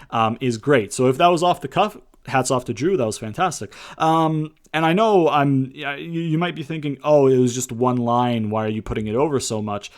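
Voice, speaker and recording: Guy rambling through a wrestling show recap, lots of ums and swearing, mid-pitched, chill. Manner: loose and rambling, full of fillers and casual swearing; slips into quick impressions when retelling lines. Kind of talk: casual spoken show review.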